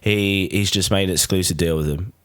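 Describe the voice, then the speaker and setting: A man's voice: low-pitched, fairly even intonation, fairly quick, a bit bright, smooth. A man hosting a podcast, chatting casually and rambling with many restarts. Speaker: podcast host. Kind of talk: casual chat.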